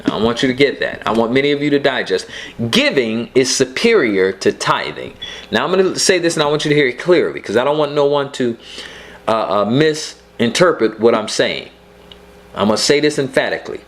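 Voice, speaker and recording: A man's voice: medium pitch, big pitch swings, moderate pace. A middle-aged man preaching a sermon, emphatic and repeating his key points for the congregation.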